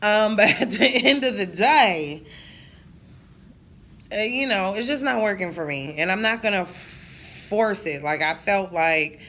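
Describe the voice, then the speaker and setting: A woman's voice: mid-range voice, lively intonation, measured pace, fairly bright tone. A woman in her thirties venting in a casual monologue, blunt and profane, telling her story with jokes. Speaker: vlogger.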